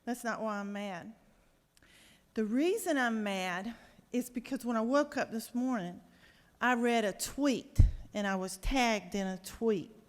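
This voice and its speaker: A Southern American woman state senator delivers an impassioned, indignant floor speech in a large legislative chamber. Her fairly high voice is unhurried, and the chamber's reverb colors the recording.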